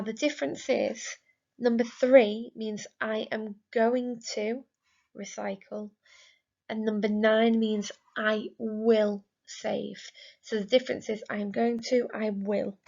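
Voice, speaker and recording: A woman's voice: mid-range voice, creaky, darkish tone. An English woman teaching a language lesson, explaining grammar step by step in a patient, methodical way. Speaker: Spanish teacher. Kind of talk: recorded remote lesson. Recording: lo-fi, dull sound.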